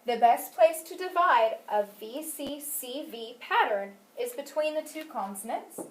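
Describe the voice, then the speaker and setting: A woman's voice: sits high, animated, a little slow, slight background noise. Patient woman teaching phonics. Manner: patient, prompting questions and praise. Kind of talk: classroom phonics lesson. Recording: echoey room, mic at a distance.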